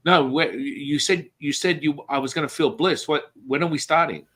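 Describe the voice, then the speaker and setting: A man's voice: on the high side, moderate pace, fairly bright tone, pitched above the performer's own voice. A man voicing a confused young male tourist who does not know he has been hypnotized. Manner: confused, eager.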